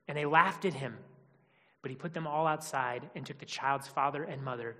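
Male pastor, high voice, sermon in a big echoing hall; hushed whispers to forceful emphasis. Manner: shifts between hushed, whispered tenderness and loud emphatic preaching.

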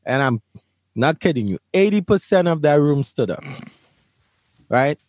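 A man from Brooklyn, New York, tells an interviewer a personal story as an interview guest, vivid and emphatic and often repeating his words. His voice is a little high, expressive and darkish in tone, at a measured pace, in a dry recording.

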